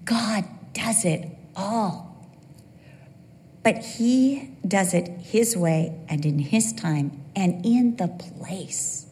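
A middle-aged woman teaching a sermon with lively humor, tossing in quick asides and acting out little exchanges. Her voice sits in a mid range and rings with long reverb from a large church hall. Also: medium pitch. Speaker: women's Bible teacher. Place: church sanctuary.

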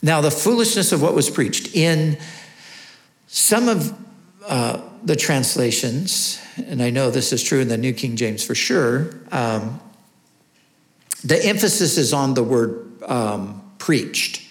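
A man's voice: mid-range voice, animated, slow pace. A man preaching a sermon, teaching earnestly and asking rhetorical questions. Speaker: pastor. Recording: echoey room.

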